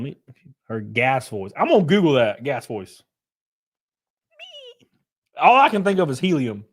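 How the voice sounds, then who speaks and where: Lively, crude-talking man streamer. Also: medium pitch. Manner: crude, joking, thanks chat members by name. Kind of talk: casual livestream chat.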